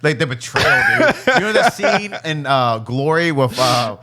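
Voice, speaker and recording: Male podcast co-host, casual storyteller, very expressive pitch, profane and laughing. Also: a little slow. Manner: animated, laughing, acts out family members in shouts; swears freely.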